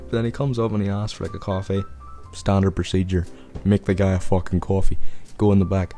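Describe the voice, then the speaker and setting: A man's voice: deep voice, level tone, a little fast, warm tone, faint music behind. A young man hosting a podcast, telling a rambling, profane anecdote in a casual way. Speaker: podcast host. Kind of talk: casual storytelling.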